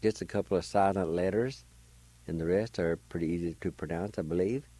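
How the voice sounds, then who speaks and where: A man's voice: sits low, fairly quick, warm tone, dry recording, rough recording. A man teaching a language lesson on the radio, patiently spelling words letter by letter and sounding them out.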